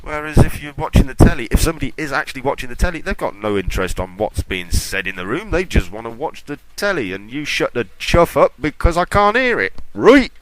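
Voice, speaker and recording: A man's voice: medium pitch, sing-song, fairly quick, hardly any pauses, no room sound, poor audio. A man hosting a tech podcast, chatting casually in a rambling, self-mocking way and going off on rants. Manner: ranting, self-mocking, off-topic. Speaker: podcast host. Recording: loud background noise.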